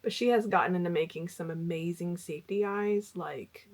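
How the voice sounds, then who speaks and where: A woman's voice: fairly low pitch, normal speed. A middle-aged woman vlogging about crochet in a chatty, rambling way with fillers. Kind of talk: casual chat.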